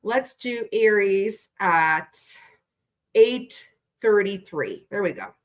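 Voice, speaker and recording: A woman's voice: mid-range voice, lively intonation, takes it slowly. A woman hosting a tarot livestream, greeting her chat viewers one by one in a chatty, playful way that swears freely, and she sounds tired.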